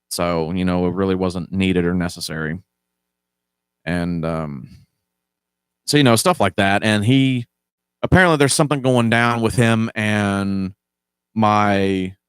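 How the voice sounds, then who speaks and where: A man's voice: fairly low pitch, clear, resonant tone, no echo. A man hosting a casual storytelling podcast, talking loosely and acting out the dialogue he quotes. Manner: conversational, acts out quoted dialogue. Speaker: podcast host.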